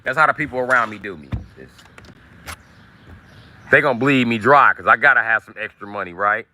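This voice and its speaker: A man rants on his livestream, swearing freely and combatively. His voice is bright and forceful, with a tense edge. He talks in a loose, casual way. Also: medium pitch, brisk. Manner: profane, combative ranting. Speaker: livestream host.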